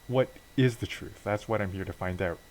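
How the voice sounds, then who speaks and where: Casual male game narrator, very low voice, loose and offhand. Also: moderate pace, a little hiss or hum, rough recording. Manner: offhand, filler-heavy retelling. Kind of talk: casual narration of a wrestling sim storyline.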